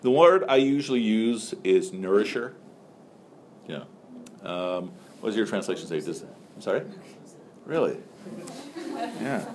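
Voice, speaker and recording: A lower-pitched man teaches a class in a relaxed, chatty way, full of "so" and "like" as he jokes with the room and puts questions to his students. A faint hiss sits under his voice. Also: measured pace, long pauses. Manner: joking, loose and conversational, many fillers like "so" and "like".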